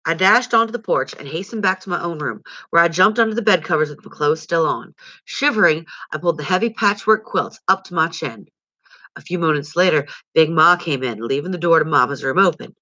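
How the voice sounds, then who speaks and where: A woman reading a novel aloud at home in an expressive storytelling way. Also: low-pitched, brisk, no room sound, muffled recording. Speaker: reader.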